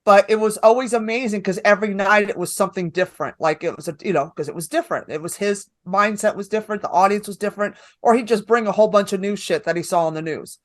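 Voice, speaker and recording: A woman's voice: medium pitch, fast, few pauses, no room sound. A woman stand-up comedian, a guest on a podcast, talking casually and telling stories with acted-out quotes. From New York. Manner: animated storytelling with acted-out quotes.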